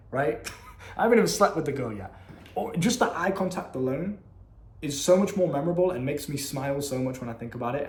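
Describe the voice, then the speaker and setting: A young man telling a story casually, animated, slangy and profane. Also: medium pitch. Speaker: vlogger. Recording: echoey room.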